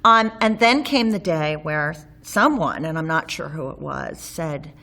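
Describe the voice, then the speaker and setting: A woman's voice: deep voice, lively intonation, unhurried, vocal fry, pushed and bright. A woman telling a personal story in an interview, candid and wry, with frequent ums and restarts as she recalls events. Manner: candid, wry, with some sarcasm. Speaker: interviewee recalling local history.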